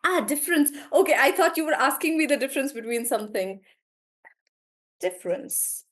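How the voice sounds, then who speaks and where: A woman's voice: high-pitched, animated, moderate pace. A young woman teaching an online class, thinking aloud as she checks words and encourages students. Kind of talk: live online class, coaching students on syllables.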